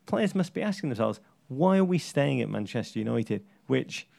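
A man's voice: medium pitch, sing-song, normal speed, creaky, darkish tone, no echo. A man co-hosting a comic football podcast, speaking in florid, theatrical phrases. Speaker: podcast co-host.

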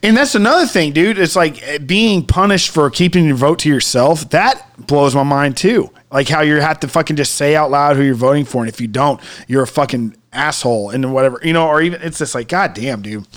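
A man's voice: fairly high pitch, fairly quick, few pauses. Rambling, swearing young man. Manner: rambling, swears a lot, many fillers. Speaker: podcast co-host. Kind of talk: casual chat.

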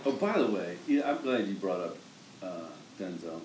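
A man's voice: sits low, normal speed. A man chatting casually about sports, telling stories and acting out both sides of conversations. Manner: animated storyteller, acts out both sides of conversations. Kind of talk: casual chat. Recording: roomy, from far off the mic, faint hiss.

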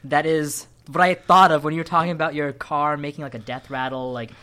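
A man co-hosting a podcast, playful and quick to laugh in casual chat. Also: on the high side, little pitch movement, bright, forceful tone, smooth. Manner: playful, laughs often, says "dude". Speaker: podcast co-host.

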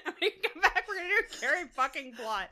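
Bright, high-voiced giggly woman co-host. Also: sing-song, fairly quick. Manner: giggly, teasing. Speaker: podcast co-host. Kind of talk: casual comedic chat.

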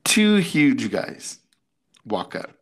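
A man's voice: mid-range voice, extremely slow. Easygoing man telling a story. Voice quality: animated storyteller, acts out quotes. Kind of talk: casual chat.

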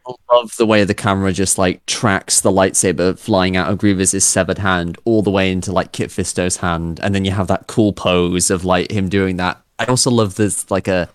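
Low-voiced man gushing about a show, dry sound. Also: fairly even intonation, normal speed, hardly any pauses, clear, resonant tone, no echo. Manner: eager, filler-heavy description. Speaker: podcast co-host. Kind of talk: casual chat reviewing an episode.

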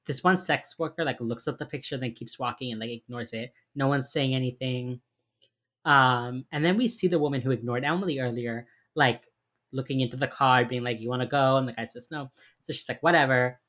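A woman's voice: extremely low pitch, a little fast, a bit bright. A woman co-hosting a casual chat, retelling a TV episode and acting out its characters' lines, with a mild speech impediment. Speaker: podcast co-host recapping a TV episode.

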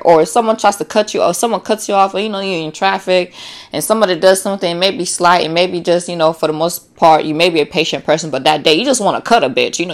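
A woman hosting a casual solo podcast, talking in a slangy, profane, animated way with lots of "like" and "you know," and acting out little quoted exchanges. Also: fairly low pitch, fast talker. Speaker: podcast host.

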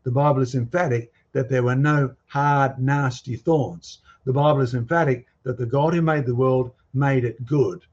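A man's voice: medium pitch, fairly even intonation, normal speed, few pauses, a little mellow, lo-fi sound. A man giving a lecture with slides, emphatic and full of rhetorical questions and challenges to his audience. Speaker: guest speaker on creation and fossils.

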